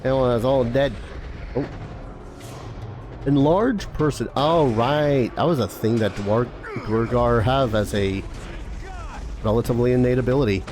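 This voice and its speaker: A man casually commenting on a game he is playing, excitable and quick to swear at setbacks. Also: mid-range voice, over music. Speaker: streamer playing a video game.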